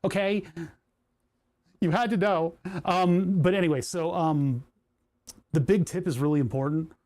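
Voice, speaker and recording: A man's voice: high-pitched, unhurried, darkish tone. A young man streaming live, chatting casually and rambling into asides while he works on a soldering job and reads chat. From United States.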